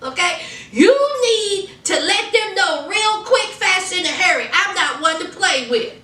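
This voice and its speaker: A woman's voice: very high voice, animated, a little slow, sharp tone, echoey room, far from the mic, rough recording. A woman recapping a TV episode in a sassy, chatty way, calling her viewers honey and child. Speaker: TV episode reviewer. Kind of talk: casual TV recap.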